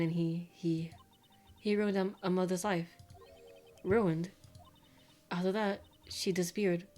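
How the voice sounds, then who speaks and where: A subdued young spirit medium, voiced by a woman reading a game, soft and hesitant as she recounts her past. Her voice sits at a middling pitch. Quiet, halting delivery. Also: close to an everyday voice. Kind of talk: reading game dialogue aloud.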